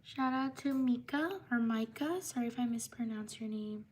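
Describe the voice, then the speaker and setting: Slow, flat-voiced woman reading shout-outs. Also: fairly high pitch, slight background noise. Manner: slow, flat, repetitive listing with pauses. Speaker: livestream host.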